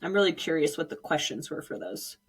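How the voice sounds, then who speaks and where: A woman co-hosting a podcast, telling stories in a casual, animated way and acting out what people said with big jumps in pitch and bursts of laughter. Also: brisk, breathy edge. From Arizona, United States. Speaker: podcast co-host. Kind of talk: casual storytelling chat.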